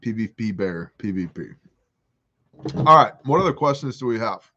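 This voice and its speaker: A man hosting a casual livestream from a porch, reading viewer comments aloud and answering them with animated jokes. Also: fairly low pitch, moderate pace, dull audio. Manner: joking, animated, reads chat aloud. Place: outdoors on a porch.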